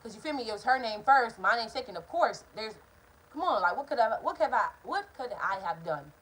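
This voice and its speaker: A young woman telling a story to her viewers, animated and profane, talking straight to the camera. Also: on the high side, fairly quick, poor audio. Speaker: vlogger. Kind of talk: casual storytime vlog.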